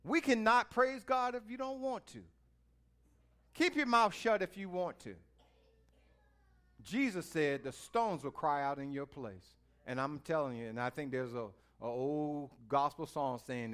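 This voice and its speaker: A man with a high voice delivers a sermon, talking straight to his listeners in a folksy, chatty way. He moves from quiet, thoughtful asides to loud, drawn-out calls to praise. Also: lively intonation, clean tone. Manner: swings from quiet musing to loud exhortation; folksy, speaks to the listeners directly. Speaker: preacher.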